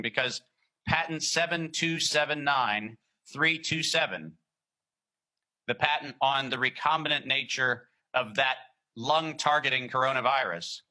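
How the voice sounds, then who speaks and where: A man answering interview questions in an emphatic, deliberate way, slowing down to read quotations carefully. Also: mid-range voice, bright, forceful tone, rough recording. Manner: emphatic, deliberate, reads quotes slowly. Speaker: guest.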